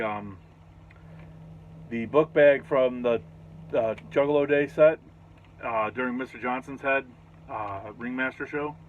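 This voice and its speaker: A man casually recapping a festival in a rambling, profane, excitable way. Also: medium pitch. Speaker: vlogger reviewing a festival. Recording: slightly dull lo-fi audio with faint noise.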